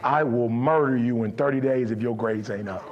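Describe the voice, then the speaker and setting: A man's voice: mid-range voice, moderate pace, muffled recording, crowd noise, background noise. A middle-aged man giving a motivational speech, telling stories with acted-out dialogue and building to impassioned preaching. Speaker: motivational speaker.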